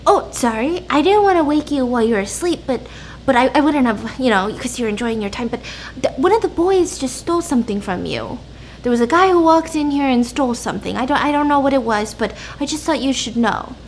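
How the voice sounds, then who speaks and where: A woman's voice: sits high, lively intonation, a little fast, slight background noise, pitched above the performer's own voice, low-quality recording. A woman voicing a flustered old woman who apologizes and hesitates. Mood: apologetic.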